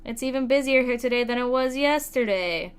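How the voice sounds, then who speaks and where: A woman's voice: a little high, fairly quick, a little hiss or hum, natural voice. A woman reading the dry inner narration of a young male lawyer from a video game. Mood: wry.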